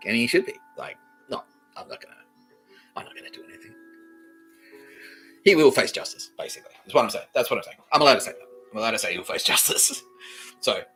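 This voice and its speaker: A man hosting a podcast, telling a rambling comic story with lots of swearing and animated delivery. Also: medium pitch, quick pace, pauses often, faint music behind, rough recording. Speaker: podcast host. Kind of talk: comedic storytelling monologue.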